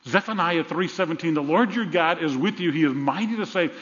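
A man's voice: a little high, fairly quick. Older male preacher in a reverberant hall. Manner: animated preaching, drops to soft whispers for tender lines. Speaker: pastor. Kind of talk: sermon. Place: church sanctuary. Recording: muffled sound with long reverb in a large hall.

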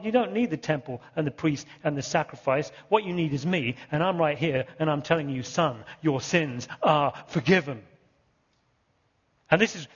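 A man from Britain preaching a sermon, telling the story with lively emphasis and repeating key words. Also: high-pitched, husky, in a large hall, dull audio.

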